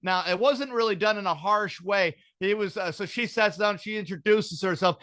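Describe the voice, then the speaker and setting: A man's voice: high-pitched, normal speed, few pauses, sharp tone, dry recording. A man hosting a podcast, rambling through stories in casual comedic chat, swearing freely. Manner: profane, rambling storyteller. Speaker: podcast host.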